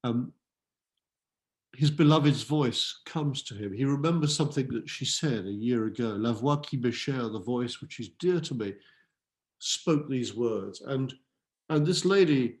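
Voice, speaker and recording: A man's voice: medium pitch, measured pace. A man giving a school talk on French literature, reading French verse and translating it line by line, lifting his voice on the verse. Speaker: literature lecturer. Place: school event hall.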